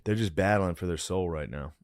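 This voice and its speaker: A man's voice: low-pitched, a little fast, dry recording, studio quality. A man co-hosting a podcast over a video call, joking and swearing as he talks over the others. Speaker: podcast co-host.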